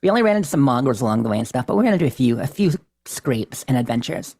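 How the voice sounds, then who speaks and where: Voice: mid-range voice, sing-song, racing, creaky, a little mellow. A podcast co-host casually recapping a game playthrough, chatty and self-deprecating, often laughing.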